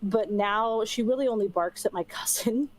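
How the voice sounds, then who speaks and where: A woman's voice: medium pitch, normal speed, low-quality recording. Chatty young woman streamer. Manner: rambling, chatty, swears casually, frequent fillers. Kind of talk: casual chat while gaming.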